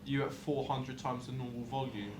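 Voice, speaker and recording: A young man co-hosts a podcast, swearing freely and telling animated stories in casual chat. His voice is medium-pitched at a normal speed, heard over a noisy crowd.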